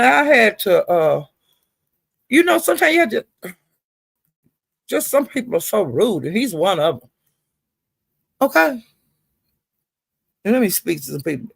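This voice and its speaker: A woman's voice: on the high side, creaky, no room sound. A woman live streamer in a casual, rambling rant, swearing freely and greeting viewers in the chat.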